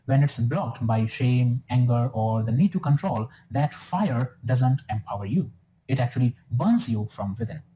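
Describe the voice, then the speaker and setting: A man narrating a scripted spiritual self-help guide in a calm, soothing, instructive way. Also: medium pitch, moderate pace, slight background noise, poor audio. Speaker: wellness guru in a clip.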